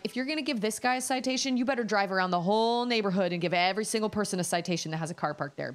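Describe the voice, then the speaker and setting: Chatty woman streamer, lower voice. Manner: chatty, rambling, animated storytelling. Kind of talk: casual chat.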